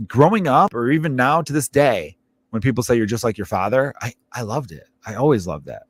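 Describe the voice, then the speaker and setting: A man's voice: medium pitch, animated, moderate pace, no echo. A man in his thirties, a comedian hosting a podcast, telling a candid, profane personal story that mixes grief with jokes. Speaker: podcast host; stand-up comedian.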